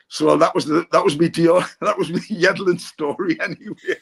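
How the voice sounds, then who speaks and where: A middle-aged man with a Geordie accent spins rambling football anecdotes in casual podcast chat. His voice sits a little high, and he keeps looping back through "um" and "you know" as he goes. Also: fairly quick, gravelly, hardly any pauses, breathy edge. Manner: rambling anecdotal storyteller, frequent fillers and restarts. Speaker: pundit on a football fan podcast.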